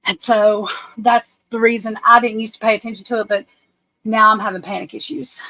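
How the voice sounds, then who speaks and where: A woman's voice: fairly high pitch, flat delivery, brisk, sharp tone, dry recording, low-quality recording. A woman hosting a casual livestream, anxious and flustered, often breaking off and restarting her sentences. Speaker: livestream host.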